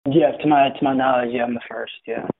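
A young man telling his own story as an interview guest, hesitant and full of fillers and restarts, with a husky voice. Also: medium pitch, steady tone, a little fast. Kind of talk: personal story in conversation. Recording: tinny phone-like line.

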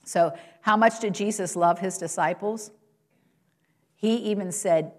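Preaching a little slowly, this woman addresses her congregation head-on and leans on rhetorical questions. Quoted lines and exclamations come out louder and higher, while some asides fall soft and low.

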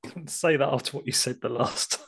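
A man's voice: mid-range voice, fairly quick, gravelly, fairly bright tone, breathy edge. A man co-hosting a podcast in casual, joking banter, often breaking off and restarting his sentences. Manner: chatty, banter-heavy, self-interrupting. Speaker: podcast co-host. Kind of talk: casual chat.

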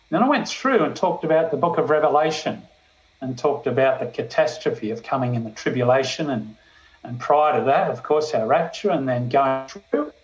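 An older man, a police chaplain giving a storytelling sermon testimony that slows down for emphasis. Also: mid-range voice, lo-fi sound. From Australia.

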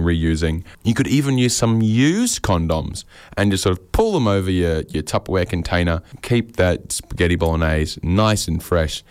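A man's voice: sits low, a little mellow, clean tone, no room sound. A man rambling through a comic monologue with dry, self-mocking asides. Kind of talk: comedic monologue.

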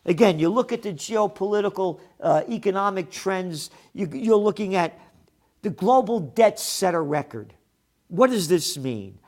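A man's voice: high voice, lively intonation, measured pace, a little mellow. A man hosting a trends commentary show, delivering a combative, sarcastic monologue and swearing when angry.

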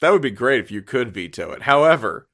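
A man's voice: medium pitch, very animated, a little fast, a bit bright. A man co-hosting a sports podcast, joking in casual banter and laughing often. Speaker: podcast co-host.

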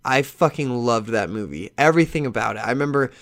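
A man's voice: mid-range voice, fast. A man hosting a podcast, telling a long casual story that rambles, restarts and swears a little, and livening up as he retells conversations. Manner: lively when retelling conversations. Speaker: podcast host.

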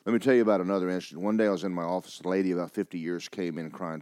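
A man's voice: sits low, steady tone, very fast, darkish tone, dry recording, clean studio sound. A man preaching a sermon as pastor, mixing joking asides with fervent calls.

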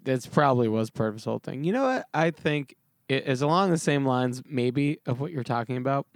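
A man's voice: mid-range voice, expressive, fairly quick, no room sound, studio quality. Teasing, wisecracking man in casual chat. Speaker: podcast co-host.

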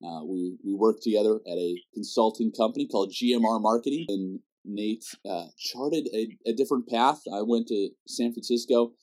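A man's voice: on the low side, normal speed, hardly any pauses, a little mellow. A Canadian man hosting a podcast, chatting casually in a rambling way with lots of fillers and restarts. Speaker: podcast host. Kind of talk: casual interview chat.

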